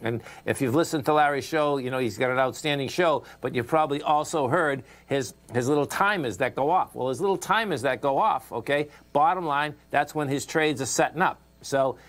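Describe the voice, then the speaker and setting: A man with a Boston accent hosting a financial radio show, excitable and repetitive, talking straight to his listeners. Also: mid-range voice, a little fast, few pauses. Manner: excitable, repeats himself, talks straight to listeners.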